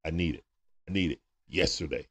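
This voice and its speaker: A man's voice: sits low, fairly quick. A young man hosting a live stream, chatting casually with viewers and reading their comments in a laid-back, slangy way.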